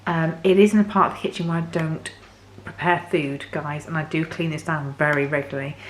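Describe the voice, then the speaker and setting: A chatty woman with a somewhat low, slightly hoarse voice, talking casually to camera. She is recorded in an echoey home kitchen with faint noise behind her. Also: steady tone, a little fast. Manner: chatty, talks to her dogs in a high sing-song voice. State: voice a bit hoarse. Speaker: vlogger.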